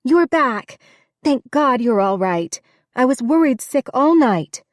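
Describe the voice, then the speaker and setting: A woman narrator voicing an anxious, fussing woman in an audiobook, speaking high and urgent. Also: expressive, takes it slowly, no room sound, studio quality. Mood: worried.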